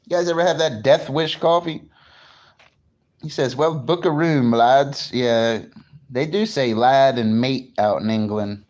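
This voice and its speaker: Hosting a morning livestream, a New Jersey man with a medium-pitched, slightly dark voice greets viewers and chats in a relaxed way. He doesn't hold back on the swearing.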